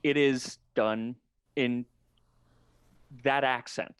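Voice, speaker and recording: A man talking as a podcast guest in casual chat, measured and thoughtful, often restarting his sentences. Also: mid-range voice, fairly even intonation, smooth, no echo, studio quality.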